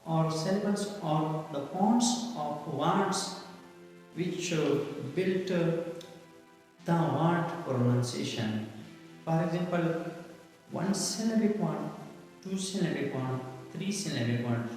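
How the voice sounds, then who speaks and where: A man with a slightly raised voice explains pronunciation in a lesson. He speaks haltingly, fills gaps with "uh" and often repeats phrases. The room rings with a long reverb, and faint music plays behind him. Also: on the high side, a little mellow. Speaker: English pronunciation teacher.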